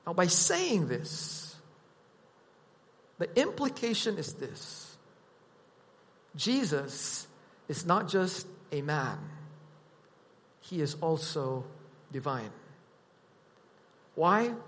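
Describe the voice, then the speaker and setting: A man preaching a sermon, teaching in a deliberate, emphatic way. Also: fairly high pitch, sing-song, fairly bright tone, long reverb tail.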